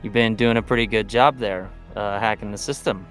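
A man's voice: on the low side, fairly even intonation, brisk, music in the background, lightly acted. A man doing a smug hacker god. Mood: calm.

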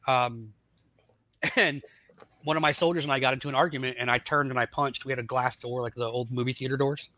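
A middle-aged man telling his life story in a casual podcast chat, acting out the dialogue of the people in it with animated voices. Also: mid-range voice, fairly quick. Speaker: podcast guest.

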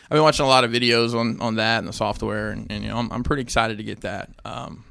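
A man's voice: fairly low pitch, fairly even intonation, fast, gravelly, a bit bright, clean tone, no echo. A man co-hosting a podcast, telling rambling stories full of fillers in casual chat. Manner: rambling, filler-heavy storytelling. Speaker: podcast co-host.

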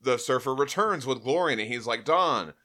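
A man recapping a comic book in a casual, animated way, slipping into the characters' lines as he goes. His voice is bright and forward, at a middle pitch. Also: fairly quick. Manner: animated, acts out quotes. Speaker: podcast host.

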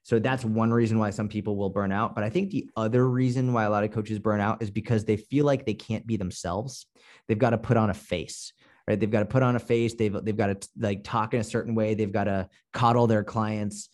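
Low-ish boston guy, blunt, swears a lot, no bs coach talk. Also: steady tone, fairly quick, a little mellow. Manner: blunt, profane, no-nonsense. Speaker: fitness coach guest. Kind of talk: casual podcast interview.

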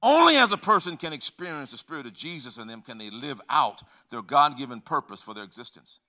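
An older man preaching a sermon as pastor, swinging between hushed, low passages and loud, emphatic ones, acting out conversations from his stories. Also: very animated, brisk, few pauses.

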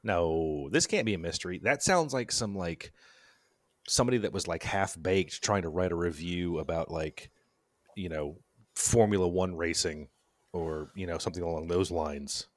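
A man's voice: low-pitched, normal speed, dry recording, studio quality. A man co-hosting a podcast, making wry, sardonic jokes in casual chat. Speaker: podcast co-host.

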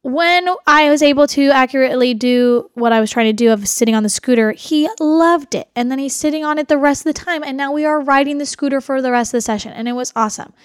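A woman speech therapist co-hosting a podcast, telling a work story in a casual, animated way with quoted dialogue. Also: high-pitched, fast, hardly any pauses, dry recording, clean studio sound. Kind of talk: casual chat.

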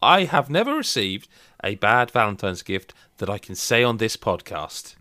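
Host: a teasing, crisp-toned man asking questions, recorded close and dry. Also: lowish voice, very animated, moderate pace, pushed and bright, no echo. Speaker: podcast host. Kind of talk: casual banter.

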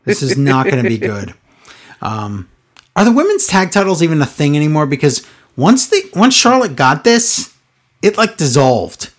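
A man's voice: on the high side, very animated, normal speed. Sarcastic man recapping with exasperation. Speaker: podcast co-host recapping wrestling. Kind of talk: casual chat.

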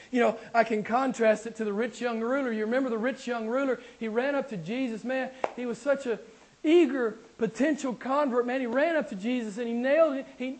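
A man's voice: very high-pitched, poor audio. A man preaching a sermon to his congregation, asking questions and talking with them, while losing his voice. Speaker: pastor.

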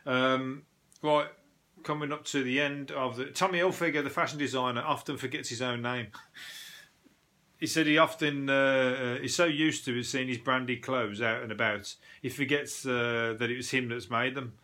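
A man's voice: medium pitch, steady tone, moderate pace, bright, forceful tone. A man hosting a solo podcast, running through odd news stories in a sweary, mocking way and laughing at his own jokes. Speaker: podcast host. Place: at home, no video.

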